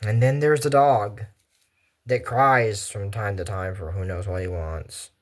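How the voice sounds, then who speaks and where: A man's voice: on the low side, a little slow. A young man, chatting casually and going off on tangents while recapping an anime. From Texas. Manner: chatty, digressive, animated asides. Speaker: anime commentary host. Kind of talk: casual rambling commentary.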